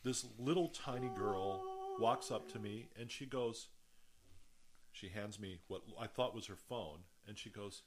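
A man telling a wild story in casual chat, animated and profane, laughing often and acting out voices. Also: lowish voice, unhurried.

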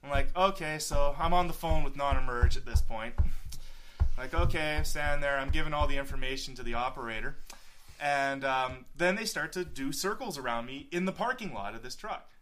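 A man's voice: mid-range voice, brisk, a bit bright, faint music behind. A young man casually telling a story to friends, laughing often and acting out the people he quotes. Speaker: storyteller in group chat.

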